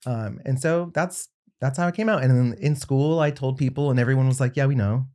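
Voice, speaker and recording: A man's voice: mid-range voice, brisk, darkish tone. A young adult man, a podcast guest, telling a personal story in casual conversation and acting out the people he quotes.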